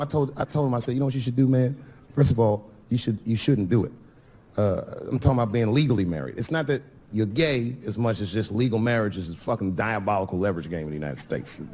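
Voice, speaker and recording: A man's voice: mid-range voice, darkish tone. Profane man telling stand-up stories. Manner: profane, conversational, acts out characters in his stories. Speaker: stand-up comedian. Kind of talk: stand-up storytelling. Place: comedy stage before a live audience.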